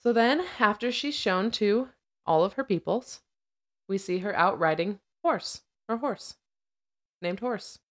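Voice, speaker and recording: A woman's voice: medium pitch, lively intonation, measured pace. A woman co-hosting a podcast, casually recapping a film and sharing trivia with frequent laughs. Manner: chatty, laughs often, retells scenes and trivia. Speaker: podcast co-host.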